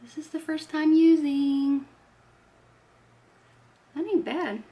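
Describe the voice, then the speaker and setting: A woman's voice: high-pitched, fairly even intonation, slow, warm tone. A woman chatting casually while she does her makeup, talking through each step and poking fun at herself. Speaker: beauty vlogger. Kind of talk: casual get-ready-with-me chat.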